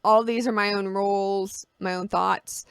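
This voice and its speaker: A woman's voice: medium pitch, fairly even intonation, measured pace, vocal fry, clear, resonant tone, no room sound, studio quality. A woman vlogger talking casually to camera, giving personal advice and explaining with homely analogies.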